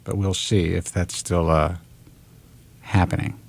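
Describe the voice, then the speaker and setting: A man in his forties with a New York accent, hosting a talk show and ranting in an animated, exasperated monologue into a close studio mic. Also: low-pitched, a little slow, gravelly. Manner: animated, exasperated, swears in clipped letters.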